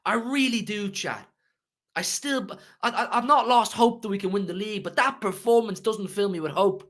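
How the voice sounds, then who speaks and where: Man, fan channel host, emotional rant, repeats himself, bright edgy voice. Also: high voice, moderate pace. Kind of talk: heated football rant to live chat.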